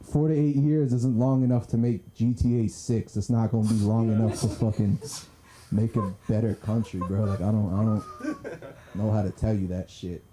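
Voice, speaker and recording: A man doing halting open mic stand-up, hesitant and repetitive, leaning on fillers. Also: fairly low pitch, level tone, background noise. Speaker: stand-up comic. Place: small comedy club stage.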